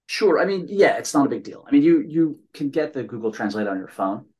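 A man's voice: medium pitch, very animated, a little fast, darkish tone, poor audio. An American man hosting a podcast, chatting casually and telling rambling stories, often checking in with "right?". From United States. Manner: rambling storyteller, tags points with "right?". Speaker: podcast host. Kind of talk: casual conversation.

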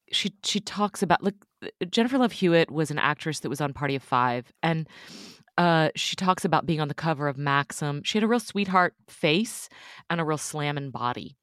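A woman co-hosting a podcast who talks frankly and slips in jokes. Her voice sits a little low, and the recording is dry and close. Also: animated, moderate pace, dry recording. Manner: frank, joking, casual. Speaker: podcast co-host. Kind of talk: casual podcast conversation.

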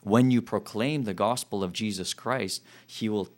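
A man's voice: lowish voice, normal speed. A man speaking as a missionary guest in a casual interview, explaining his faith in an earnest, fervent way.

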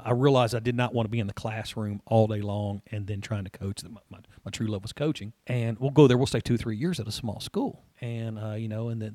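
A middle-aged man, a college soccer coach, telling stories in a relaxed interview and often repeating words as he goes. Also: lowish voice, no room sound. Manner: rambling, repeats words, laughs easily. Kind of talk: casual interview talk.

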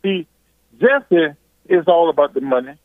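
Man, caller, insistent, argumentative, high voice, dull muffled line. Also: big pitch swings, measured pace, no echo. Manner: insistent, repeats himself. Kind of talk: argumentative phone call.

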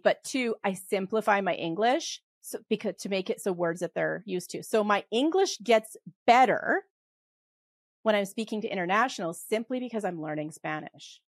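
A middle-aged woman with a Western Canadian accent, a podcast guest talking fast and animatedly in casual conversation, often laughing and restarting her sentences. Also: fairly high pitch, no echo. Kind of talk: casual interview talk.

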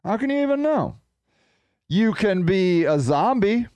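Talking solo in a casual way, this male podcaster tells meandering, lighthearted stories with lots of animation. He speaks at a measured pace in a high voice, and there's no echo.

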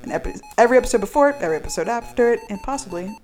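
A woman's voice: a little high, animated, racing, over loud music. Giggly woman hosting a podcast. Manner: giggly, playful, stumbles over words. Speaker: podcast host. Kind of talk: casual podcast chat. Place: echoey room.

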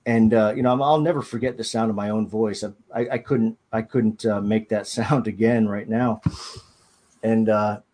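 A man, a podcast guest, recounting a personal ordeal in a halting, hesitant way, often restarting his sentences. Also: fairly low pitch, steady tone, darkish tone. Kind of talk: personal storytelling in an interview.

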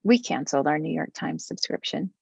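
A woman's voice: low voice, lively intonation, brisk, creaky, slightly rough, dry recording, highs cut off. A middle-aged woman being interviewed, talking candidly and joking, with plenty of fillers and laughs. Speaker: interview guest. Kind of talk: casual conversation.

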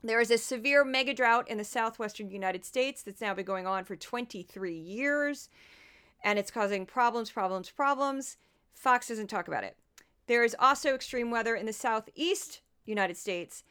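Casting: woman podcast host, sarcastic and chatty, smooth higher voice. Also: moderate pace, a bit bright. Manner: chatty, sarcastic, laughs often. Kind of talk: casual commentary.

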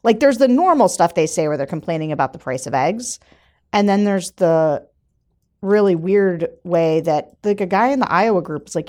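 A woman co-hosting a podcast in casual political chat, animated and laughing often. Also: on the low side, normal speed. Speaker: podcast co-host.

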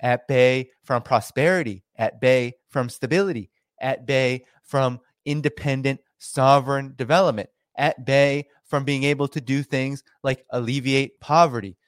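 A man's voice: medium pitch, fairly even intonation, measured pace, few pauses, smooth, no room sound, studio quality. A man hosting a solo political commentary, talking in an impassioned, repetitive way with many fillers.

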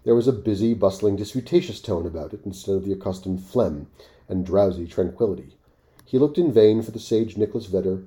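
A man reading a classic story aloud on his podcast, expressive, with offhand asides. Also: deep voice.

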